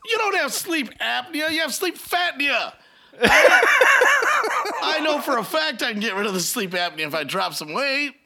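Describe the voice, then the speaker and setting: Breathless, laughing man with a lively voice. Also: very high voice, measured pace, creaky, a crowd in the background. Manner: laughs constantly, swears freely, jokey and self-mocking. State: out of breath while talking. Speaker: podcast host. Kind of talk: casual podcast banter.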